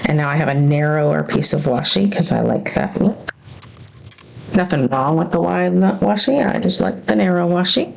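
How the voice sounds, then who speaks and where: A woman's voice: fairly low pitch, normal speed, gravelly, a little hiss or hum, poor audio. A woman planner vlogger thinking aloud as she crafts, hesitant and self-questioning as she works out her choices.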